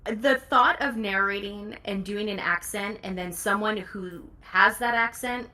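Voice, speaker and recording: Bright-voiced, chatty woman narrator. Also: mid-range voice, unhurried. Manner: candid, chatty, laughs easily. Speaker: audiobook narrator guest. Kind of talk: casual interview chat.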